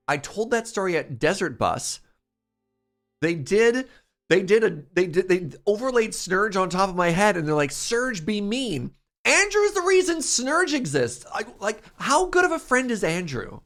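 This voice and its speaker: A man's voice: high-pitched, sing-song, normal speed, a bit bright, soft background music. A man streaming and chatting casually, reading his chat aloud in a playful way and laughing often.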